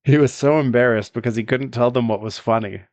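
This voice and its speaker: A man chats on his livestream at a mid pitch, laughing easily and trailing off into ums and uhs as he tells a story. His voice is close and dry, with little room sound, as if from a desk mic in a small room. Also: brisk, darkish tone, no room sound. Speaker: streamer.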